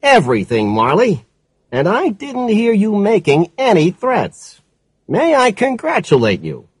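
A male reader voicing a brisk, matter-of-fact male police captain in an audiobook, in a noticeably higher voice than his own. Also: wildly swooping pitch, breathy edge, dry recording, exaggerated voice. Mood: dry, approving. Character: gruff middle-aged male police captain.

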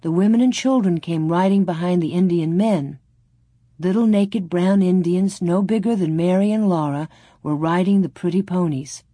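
A woman calmly reading a storybook aloud in a measured narrating voice. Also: on the low side, husky, dry recording, studio quality. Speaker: audiobook narrator.

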